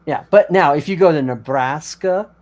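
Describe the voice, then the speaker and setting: A man from Colorado chatting casually on a stream, rambling and animated, often laughing. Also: on the high side, normal speed. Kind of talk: casual chat.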